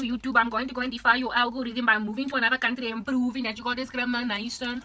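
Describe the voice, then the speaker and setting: A woman's voice: on the high side, steady tone, quick pace, hardly any pauses, noisy background. A young South African woman with a South African accent, vlogging in an exaggerated, repetitive ranting monologue that slips into Afrikaans.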